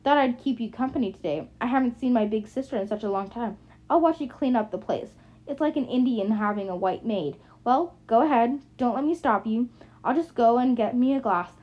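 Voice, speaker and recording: A woman's voice: on the high side, fairly quick, natural voice. A woman voicing a bitter, drunken young woman who lashes out at her sister with taunts and accusations, on a muffled recording. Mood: taunting. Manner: taunting, accusing, slurring anger.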